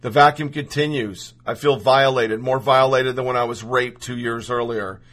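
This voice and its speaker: A man's voice: mid-range voice, fairly even intonation, moderate pace, a bit bright. A man reading a personal story aloud in the first person, earnest and emotional.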